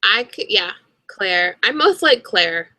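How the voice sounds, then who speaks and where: A young woman co-hosting a casual livestream chat, relaxed and chatty. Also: medium pitch, takes it slowly, no room sound. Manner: relaxed and chatty, short replies. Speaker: co-host of a book and TV chat livestream.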